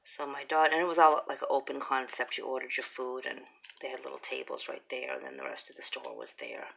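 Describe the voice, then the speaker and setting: Gravelly low-voiced middle-aged woman storyteller. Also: lively intonation, fast talker, fairly bright tone, rough recording. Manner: chatty, laughing, drops into breathy whispered asides. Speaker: craft vlogger. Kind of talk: casual storytelling while crafting.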